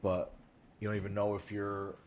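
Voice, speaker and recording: A man with a low-set voice talks casually on a podcast set, circling his points with restarts and side comments. He sounds loose and conversational, animated when a joke lands. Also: moderate pace, slight background noise. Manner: rambling, many restarts and "like"s, animated asides. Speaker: podcast co-host. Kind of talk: casual chat. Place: podcast studio set in a recording studio.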